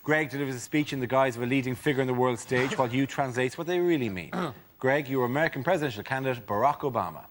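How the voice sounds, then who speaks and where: A male host announcing rounds on a comedy panel show in a brisk, dry way. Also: medium pitch, a little hiss or hum.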